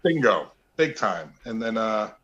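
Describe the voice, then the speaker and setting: A man's voice: fairly low pitch, unhurried, a little hiss or hum. Man telling stories in a dull lo-fi recording. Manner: relaxed anecdotal, acts out quotes. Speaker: actor, interview guest. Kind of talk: casual interview storytelling.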